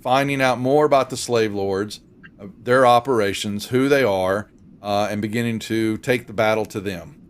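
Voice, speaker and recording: Man, game master, smooth resonant voice, rambling, lots of fillers. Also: lowish voice, normal speed. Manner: rambling, many fillers and restarts. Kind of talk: narrating a tabletop game.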